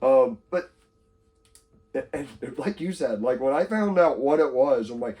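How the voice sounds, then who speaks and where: A man's voice: mid-range voice, lively intonation, a little slow, darkish tone. A young man co-hosting a casual podcast chat, rambling, laughing often and acting out quotes in silly voices. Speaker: podcast co-host.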